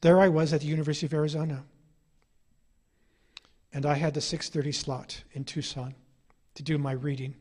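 A man's voice: fairly high pitch, little pitch movement, a little fast, long pauses, darkish tone. Wry middle-aged man telling stories. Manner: wry, ironic storytelling. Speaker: author giving a talk. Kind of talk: anecdotal public lecture.

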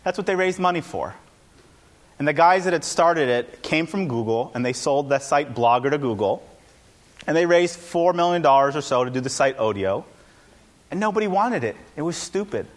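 Man, entrepreneur on stage, energetic, punchy, self-deprecating, somewhat high voice. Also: normal speed. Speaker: entrepreneur giving a talk. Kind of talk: informal live presentation. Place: in front of a live audience.

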